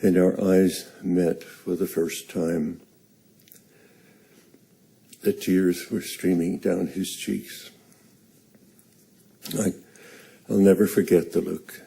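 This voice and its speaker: An older man slowly telling a personal story on stage, halting and earnest. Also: sits low, little pitch movement, vocal fry, dark tone, husky.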